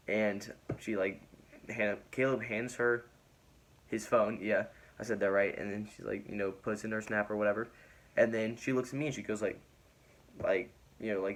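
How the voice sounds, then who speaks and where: A man's voice: on the low side, fairly even intonation, moderate pace, fairly bright tone. A young man telling a personal story in casual vlog style, rambling with many fillers and laughing often. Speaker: vlogger.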